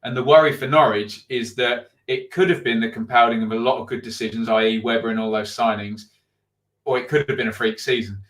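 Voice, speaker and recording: A man's voice: medium pitch, fairly even intonation, fairly quick, a bit bright. A middle-aged man hosting a live football stream, reading out viewer comments and thinking aloud with frequent ums. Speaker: football channel host.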